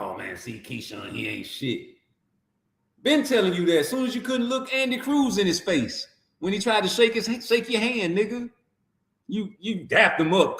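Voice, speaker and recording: A man's voice: sits high, reverberant. A man, delivering a profane, mocking, heated boxing rant. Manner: trash-talking, mocking, heated. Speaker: boxing commentator.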